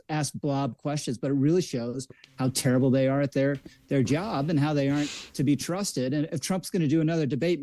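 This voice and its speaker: A man in a casual political chat who speaks haltingly, stumbling and repeating words. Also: a little high, warm tone.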